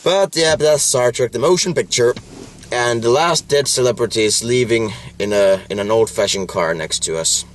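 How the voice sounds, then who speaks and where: A man co-hosting a casual podcast, rambling with halting restarts and frequent laughs. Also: mid-range voice, a little hiss or hum. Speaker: podcast co-host. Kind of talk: casual chat.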